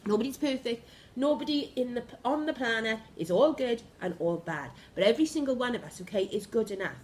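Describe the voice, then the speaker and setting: A woman giving an energetic, emphatic spiritual pep talk to camera, repeating phrases for emphasis. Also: medium pitch, a little hiss or hum. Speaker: spiritual vlogger. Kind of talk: impassioned motivational monologue.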